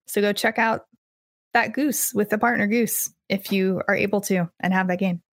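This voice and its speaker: A woman's voice: medium pitch, fairly even intonation, moderate pace, no room sound. Woman doing game news on a podcast, upbeat, dry close sound. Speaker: podcast host. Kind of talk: casual news rundown.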